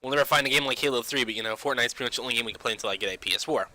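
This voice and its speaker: A man's voice: mid-range voice, very fast, sharp tone, rough recording. A young man ranting casually about games, padding nearly every phrase with "you know", restarting often and swearing now and then. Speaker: gaming vlogger. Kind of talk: rambling casual rant.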